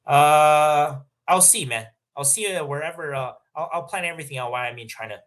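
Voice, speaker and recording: A young man hosting a livestream, reading out viewer questions and answering in a halting, filler-heavy casual way. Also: on the high side, fairly bright tone. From Canada. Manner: halting, many fillers and restarts, laughs often. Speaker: livestream host. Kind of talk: casual livestream chat reading super chats.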